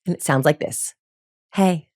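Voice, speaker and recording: Her voice is fairly low, a little mellow, expressive, and fairly quick. As a guest on a podcast, this body language researcher keeps the conversation animated, laughing frequently and performing the lines she quotes with energy.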